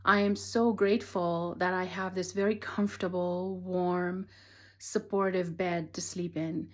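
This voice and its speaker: A woman who works as a transformational teacher, gently and earnestly talking through her thoughts in a reflective monologue. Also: fairly low pitch, little pitch movement, measured pace. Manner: earnest and gentle, speaks affirmations softly.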